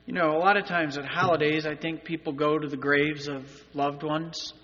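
A male pastor giving an Easter sermon, moving between loud, urgent appeals and quiet, earnest asides. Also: on the high side, little pitch movement, moderate pace, in a large hall, dull audio. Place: church sanctuary.

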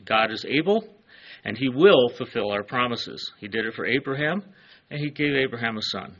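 A man's voice: mid-range voice, fairly quick, a bit bright, muffled recording. A man preaching a sermon, earnest and emphatic, letting his phrases fall away at the ends.

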